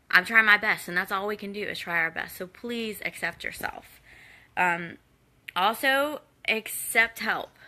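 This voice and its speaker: Earnest woman with a bright tense voice. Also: mid-range voice. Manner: earnest, encouraging, conversational with fillers. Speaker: guest speaker in a live Q&A. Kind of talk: candid personal talk to a community.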